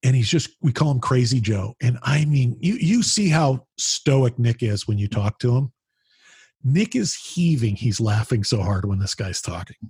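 A man being interviewed as a podcast guest, telling animated, rambling stories with frequent restarts and the odd swear. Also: mid-range voice, normal speed, slightly rough, dry recording, studio quality. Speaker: podcast guest, founder of a business mastermind group. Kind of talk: casual storytelling conversation.

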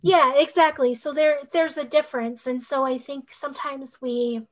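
A high-pitched woman chatting as a guest coach on a podcast, her voice sitting well above the usual range for a woman. She rambles loosely through her points, leaning on "like" and "you know" to keep the thoughts flowing. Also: fairly even intonation, moderate pace. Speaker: human design coach. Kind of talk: casual podcast conversation.

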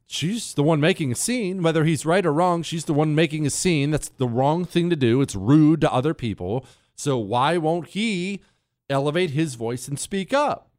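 A man hosting a political talk show, telling stories in an animated way and mimicking people in high voices. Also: no echo, clean studio sound. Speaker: radio talk show host.

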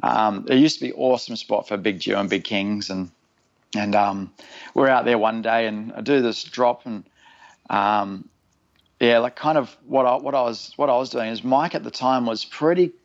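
A man's voice: mid-range voice, normal speed. Man, storyteller, chatty and rambling, laughs as he talks, slightly dull lo-fi sound. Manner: rambling, animated storyteller, laughs through his own story. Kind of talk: casual storytelling chat.

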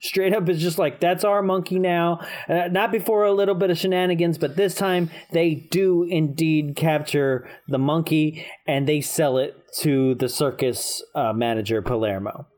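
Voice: mid-range voice, moderate pace, hardly any pauses, a little mellow. A podcast co-host recapping a film in casual comedic chat, laughing often and restarting sentences.

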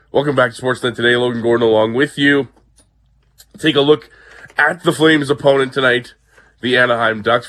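Muffled sports radio host. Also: male voice, medium pitch, pushed and bright. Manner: friendly, brisk on-air patter with promo reads.

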